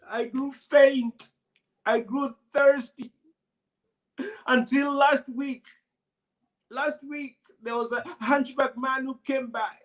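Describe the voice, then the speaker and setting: A weary young son from a spoken folk tale, voiced by a male storyteller. His voice sits slightly above the storyteller's own and breaks with tears, pleading slowly. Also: extremely high pitch, low-quality recording. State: crying. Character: young son, weak and tearful.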